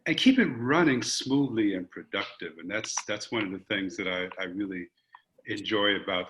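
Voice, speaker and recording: A man's voice: fairly low pitch, normal speed, fairly bright tone, a little hiss or hum. A man moderating a virtual community panel on a video call, earnest, often repeating words as he thinks.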